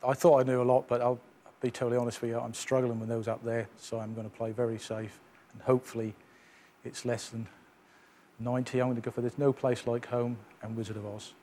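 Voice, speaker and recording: A man on a quiz show, candid and cautious, his voice trailing off quietly. He speaks in a flat, mellow tone, with faint room noise behind him. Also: medium pitch, fairly quick. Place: television studio.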